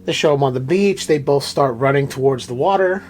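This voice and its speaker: A man co-hosting a casual podcast, recapping a film in an animated, profane way and acting out the characters' lines. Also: mid-range voice, fairly quick, a little hiss or hum. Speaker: podcast co-host.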